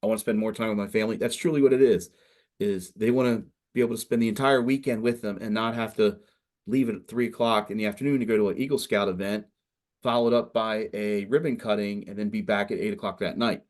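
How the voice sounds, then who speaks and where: A man's voice: fairly low pitch, fairly even intonation, fairly quick, a little mellow. A middle-aged man speaking as a state senator to students, talking casually and rambling with frequent fillers. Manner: rambling, conversational, frequent "you know".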